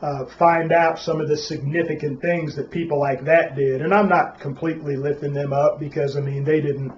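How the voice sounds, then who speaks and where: A man's voice: fairly high pitch, fairly even intonation, moderate pace, highs cut off. A man teaching a Sabbath Bible class in a preachy way, often saying "Praise Yah" and asking rhetorical questions.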